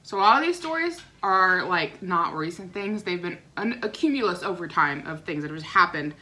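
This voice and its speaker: Bright-voiced chatty young woman vlogger. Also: lowish voice, expressive, normal speed. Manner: chatty, rambling, quotes neighbors in raised voice. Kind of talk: casual storytime while eating.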